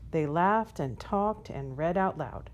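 A woman reading a children's picture book aloud in a gentle, unhurried storytelling manner. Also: on the low side, expressive, a little hiss or hum. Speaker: storybook reader.

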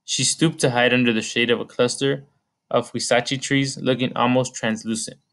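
A man narrating an audiobook chapter in a measured storytelling manner. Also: mid-range voice, fairly even intonation, a bit bright. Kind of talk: scripted narration.

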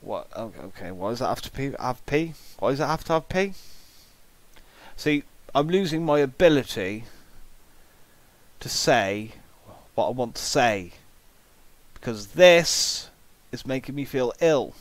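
A man's voice: medium pitch, expressive, unhurried, pauses often, dry recording. A man giving comic, exasperated reaction commentary, jokingly disgusted and theatrical.

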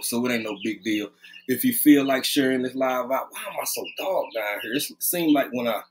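A man in a mid-range voice hosts a casual live stream from home, greeting viewers by name in a loose, conversational way. He leans close to his webcam mic, and there's slight background noise.

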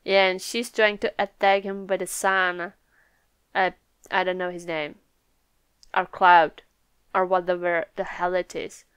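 A young woman hosting a live comic reaction video, excitable and laughing often, swearing freely. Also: lowish voice, unhurried, long pauses, clear, resonant tone, no room sound. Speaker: manga reaction video host.

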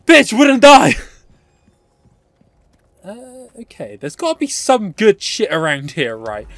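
A man streaming a horror game, reacting loudly, swearing at enemies and chatting to viewers between laughs. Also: sits high, dry recording. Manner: excitable, yelling and swearing at the game. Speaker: gaming channel host. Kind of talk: let's play commentary.

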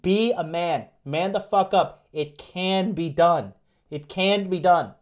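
A man's voice: high-pitched, slow pace. A man hosting a livestream as a dating coach, delivering a brash, profane motivational rant with hammering repetition and mocking whiny voices.

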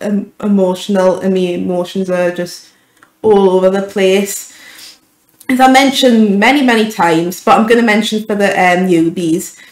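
A woman's voice: mid-range voice, reverberant, low-quality recording. A young woman giving an emotional, gushing reaction to a film trailer, stumbling over her words as a YouTube vlogger. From United Kingdom.

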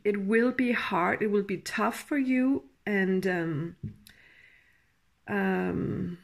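A woman giving a tarot reading in a halting, emotional way, with sighs and soft laughs. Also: mid-range voice, gravelly. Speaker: tarot reader.

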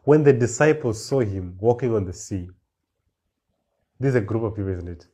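A man preaching a sermon, reading scripture verses slowly and then explaining them with rising emphasis and repeated words. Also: fairly low pitch, animated, mellow, husky.

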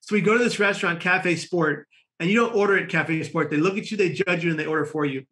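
A man from the United States, a podcast guest, telling a lively anecdote and acting out the people in it. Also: high voice, fast. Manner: lively, acts out the people in his story. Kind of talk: animated storytelling.

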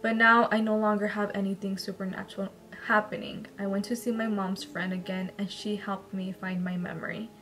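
A woman's voice: medium pitch, level tone, a little fast. A woman YouTuber reading viewer-sent paranormal stories aloud, breaking off into emotional, chatty asides with tearful laughter. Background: soft background music.

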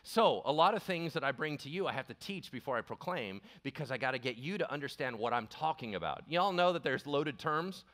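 A male pastor preaching a sermon, animated and joking as he acts out the people in the stories. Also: mid-range voice, fairly quick, hardly any pauses. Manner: animated and joking, acting out characters. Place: church sanctuary.

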